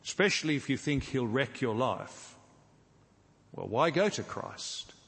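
A man delivers a sermon in an earnest, deliberate way, leaning into key words and playing out imagined scenes. His voice sits at an ordinary middle pitch. The sound carries a long reverb, as in a large church hall. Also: big pitch swings, creaky, fairly bright tone. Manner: earnest, slows down for emphasis, acts out imagined scenes. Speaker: preacher.

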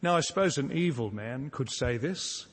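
Earnest preacher in a reverberant hall. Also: male voice, mid-range voice, lively intonation, moderate pace, breathy edge. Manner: earnest, emphatic, with rhetorical repetition and sudden soft drops. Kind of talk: sermon. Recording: long reverb from a large hall.

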